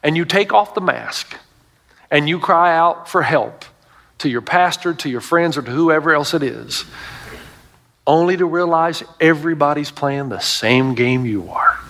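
A man's voice: a little high, lively intonation, unhurried, a bit bright. A middle-aged male pastor preaching a sermon to a congregation, telling stories with emphatic asides.

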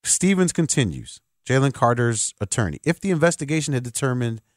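Animated opinionated male radio host. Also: mid-range voice, brisk, dry recording, clean studio sound. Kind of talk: solo sports talk radio monologue.

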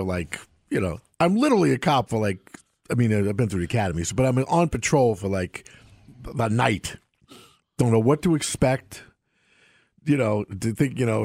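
A man's voice: medium pitch, vocal fry, a little mellow, no echo, clean studio sound. A middle-aged man, a former police officer, telling rambling self-mocking stories with laughter on a talk show. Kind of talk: casual storytelling on a sports talk show.

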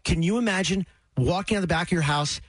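A man's voice: high voice, fast talker, no echo. A man hosting a morning radio show, chatty and upbeat, laughing often from a studio microphone.

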